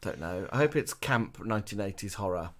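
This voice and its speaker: A man's voice: lowish voice, lively intonation, a little fast, fairly bright tone. A man co-hosting a live show in casual chat, dropping dry, wry asides.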